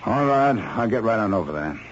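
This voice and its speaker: A patient, dogged police lieutenant who questions firmly but coaxingly. His delivery swings up and down with lively pitch. The old radio recording is dull and faintly hissy. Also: brisk. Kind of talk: 1970s radio drama acting.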